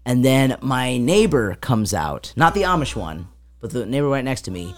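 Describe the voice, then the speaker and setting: A podcast co-host speaks in an extremely low-pitched, very animated voice at a moderate pace. She's telling a long, rambling story in a casual chat, packed with fillers and sounds she acts out.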